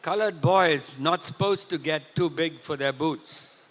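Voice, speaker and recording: A man's voice: fairly high pitch, a little slow, a bit bright. An older man with an Indian accent quotes a condescending white male school official in a put-on Southern American drawl. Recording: reverberant hall.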